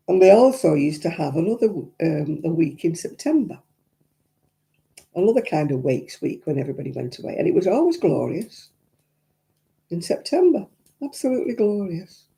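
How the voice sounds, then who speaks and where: An older woman with a Lancashire accent chats with viewers on a crafting livestream. Her voice is low and very dark, with a gravelly fry at the ends of phrases. She rambles from story to story and laughs easily. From Royton, North West England. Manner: chatty, rambling, frequent chuckles. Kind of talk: casual chat reading viewer comments.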